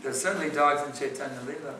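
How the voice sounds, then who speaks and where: A man's voice: on the high side, steady tone, quick pace, sharp tone, recorded from a distance, a little hiss or hum. A man giving a devotional morning class and answering questions, speaking conversationally with frequent rhetorical questions, in a temple hall. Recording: echoey temple hall, speaker set back from the mic.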